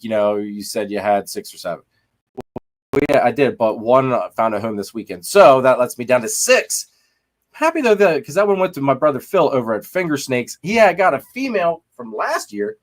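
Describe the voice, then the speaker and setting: A man hosting a casual live-stream chat, joking and laughing as he talks. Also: mid-range voice. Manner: animated, joking, lots of laughter. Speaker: podcast host.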